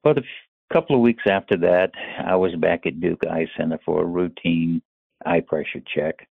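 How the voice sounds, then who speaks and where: An older man from North Carolina tells his story slowly and carefully in a low, husky, gravelly voice. The sound is tinny and phone-like. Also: dry recording. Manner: slow, measured storytelling. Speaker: caller sharing a personal story. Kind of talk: recorded personal story. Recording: tinny phone-line recording.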